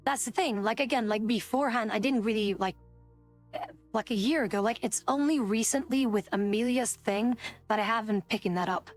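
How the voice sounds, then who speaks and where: A woman's voice: fairly high pitch, brisk, soft background music. A woman streamer chatting casually, indignant and rambling, swearing often. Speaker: VTuber streamer.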